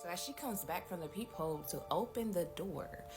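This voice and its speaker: Brief: woman storyteller, chatty, a bit low-pitched, talks to viewers, music under her voice. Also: animated, brisk. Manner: chatty, addresses viewers directly. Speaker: storytime host. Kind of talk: casual storytime narration. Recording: music playing behind the voice.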